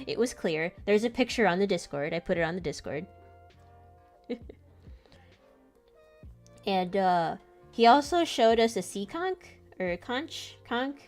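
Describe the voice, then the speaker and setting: A woman's voice: medium pitch, lively intonation, slow pace, long pauses, darkish tone, soft background music. A young woman chatting casually while she draws, telling a travel story in a loose, rambling way and laughing often between sentences. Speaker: comic artist and channel host. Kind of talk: casual chat while drawing.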